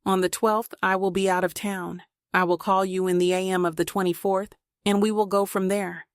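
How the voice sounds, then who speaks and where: Bickerstaff: female narrator voicing clipped, formal cop, gravelly, audiobook. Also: mid-range voice, flat delivery, normal speed, no room sound, studio quality, natural voice. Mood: businesslike. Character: brisk formal male police detective.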